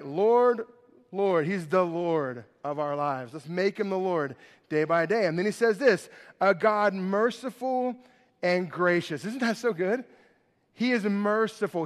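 A man preaching a sermon as pastor, animated, swinging from loud emphasis to soft, hushed lines. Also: sits high, big-room sound. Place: church sanctuary.

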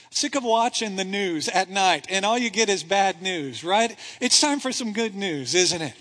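Pastor, male, high-pitched voice, animated conversational sermon delivery, lots of "right?", in a church with long reverb. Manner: animated, conversational preaching with rhetorical questions. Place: church sanctuary. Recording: reverberant hall.

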